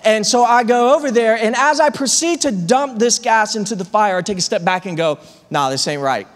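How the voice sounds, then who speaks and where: High-voiced pastor telling a comic story. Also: male voice, fairly quick, in a large hall. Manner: animated comic storytelling, repeats words. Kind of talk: storytelling sermon. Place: church sanctuary.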